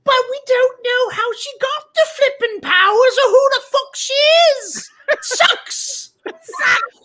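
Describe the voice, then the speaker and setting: A woman's voice: very high-pitched, slow pace, pushed and bright. An older woman giving blunt, profane remarks in an interview, laughing between them.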